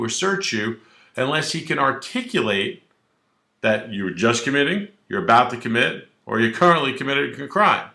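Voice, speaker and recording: A man who is a criminal defense attorney, explaining the law straight to camera in a brash, animated way and acting out little scenes. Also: medium pitch, gravelly, echoey room. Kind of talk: direct-to-camera legal explainer.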